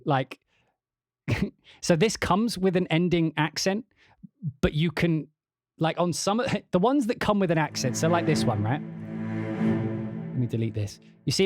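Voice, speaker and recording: English guy livestreaming from a home studio, kinda high voice, chatty, swears a lot, bit of music behind. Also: no room sound. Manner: chatty, swears, laughs at own mistakes. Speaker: livestream host demonstrating music software. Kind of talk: casual livestream demo.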